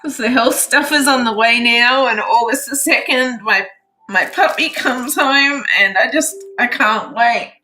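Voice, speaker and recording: A woman hosting a casual crafts livestream, emotional and teary, repeating herself with excitement. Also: a little high, normal speed, few pauses, faint music behind, low-quality recording. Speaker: crafts channel host.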